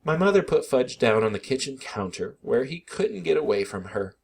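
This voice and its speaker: A man reading a children's book aloud in an expressive, animated narration. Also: mid-range voice, normal speed, vocal fry, slightly rough.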